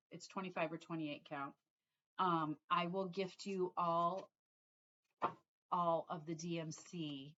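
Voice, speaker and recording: A woman's voice: lowish voice, fairly bright tone, muffled recording. A middle-aged woman vlogging casually about her cross-stitch, rambling and often restarting her sentences. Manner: rambling, chatty, trails off and restarts. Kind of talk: casual chat to viewers.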